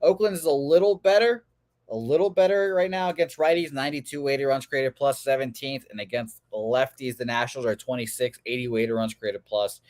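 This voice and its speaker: A man's voice: medium pitch, steady tone, fairly quick, a little mellow, no room sound, clean studio sound. A man with a nasal voice co-hosting a betting show, blunt and joking while quoting stats and odds. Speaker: sports betting co-host. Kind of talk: casual betting talk.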